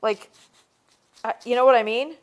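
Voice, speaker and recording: A woman's voice: a little high, fairly even intonation, normal speed. A young woman co-hosting a casual podcast chat, rambling with lots of fillers and restarts. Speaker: podcast co-host.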